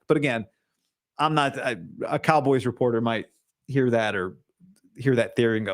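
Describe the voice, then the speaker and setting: A man's voice: medium pitch, moderate pace. A man hosting a solo sports talk show, opinionated and hedging, with frequent restarts.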